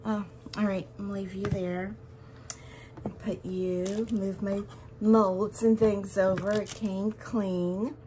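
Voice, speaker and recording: A woman chatting to her viewers as she works on a craft project, excitable and talkative. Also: medium pitch, takes it slowly, background noise. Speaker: resin craft vlogger. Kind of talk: casual crafting vlog chat.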